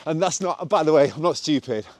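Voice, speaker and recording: Bloke, slightly higher voice, rambling self-mocking chat on a walk, handheld camera. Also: male voice, lively intonation, fairly quick, dry recording. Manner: chatty and self-mocking, breaks into laughter. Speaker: vlogger. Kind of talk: rambling walk-and-talk vlog. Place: outdoors on a country walk.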